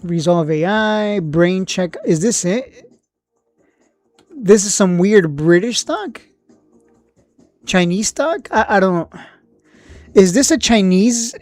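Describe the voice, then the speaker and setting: A woman hosting a casual stock live stream, thinking aloud with lots of fillers and blunt asides, a little hoarse from losing her voice. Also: mid-range voice, expressive, slow pace, long pauses, darkish tone, soft background music. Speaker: stock livestream host.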